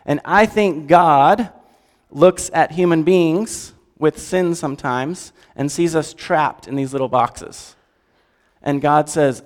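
A man preaching a sermon in a conversational, animated way and asking the audience questions. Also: fairly high pitch, measured pace, clear, resonant tone. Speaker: pastor. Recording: long hall reverb.

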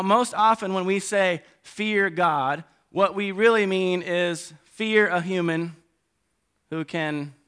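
A middle-aged man preaching a sermon, animated, swinging between loud emphasis and quiet asides. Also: high-pitched, smooth.

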